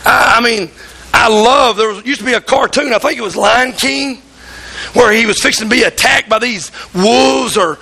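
A man's voice: very high voice, normal speed, gravelly, sharp tone, breathy edge, rough recording. A pastor preaching a fervent sermon in church, acting out voices in the stories he tells.

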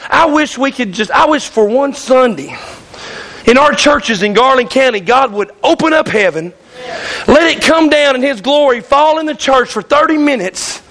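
A man's voice: extremely high pitch, animated, moderate pace, fairly bright tone. A male pastor preaching a fiery sermon in church, hollering and calling out to the congregation. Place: church sanctuary.

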